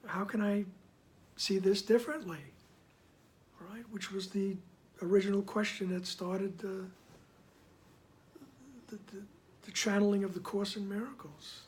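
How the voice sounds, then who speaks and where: A man giving reflective commentary on a spiritual text. He speaks softly, often slips into a whisper, and keeps checking in with "right?". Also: sits high, fairly even intonation. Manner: soft-spoken, often dropping to a whisper; unhurried, checks in with "right?" after each point. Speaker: spiritual study reader and commentator.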